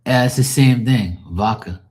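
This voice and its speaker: A man's voice: medium pitch, normal speed, darkish tone. A man doing casual chat with his live viewers as a tarot reader, rambling and loose, swearing and laughing often.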